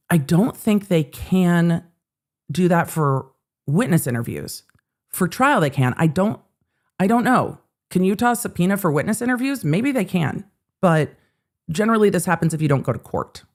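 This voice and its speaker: A middle-aged woman hosting a casual livestream of legal commentary. She chats with her viewers, swears freely and breaks into animated asides. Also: fairly low pitch. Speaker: host.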